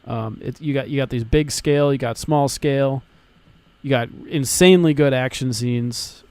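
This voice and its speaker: A young man co-hosting a podcast in casual chat, talking excitedly, swearing often and restarting his sentences. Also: medium pitch, moderate pace, clean tone, no room sound. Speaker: podcast co-host.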